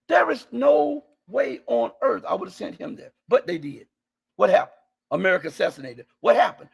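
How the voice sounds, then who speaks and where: A man's voice: very high voice, vocal fry, breathy edge. A man giving heated, impassioned political commentary, firing off rhetorical questions and often raising his voice. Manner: heated, repetitive, rhetorical questions, bursts of shouting. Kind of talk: impassioned live-stream commentary.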